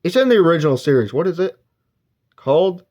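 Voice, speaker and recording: A man's voice: on the high side, big pitch swings, fairly quick, darkish tone. A man giving a casual, rambling spoken book review, retelling the plot and briefly acting out characters' lines. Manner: rambling plot recap with filler words.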